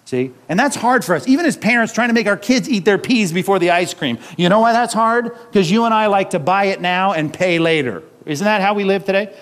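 A male pastor with a notably high-pitched voice delivers a sermon in a loose, conversational way. He keeps checking in with the congregation through quick rhetorical questions, with light chuckles along the way. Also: fairly bright tone.

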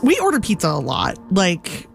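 A woman's voice: fairly low pitch, normal speed, vocal fry, soft background music. A woman co-hosting a podcast, telling a story in casual chat, filling it with "like" and acting out what people said. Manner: animated, lots of "like", acts out quotes. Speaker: podcast co-host.

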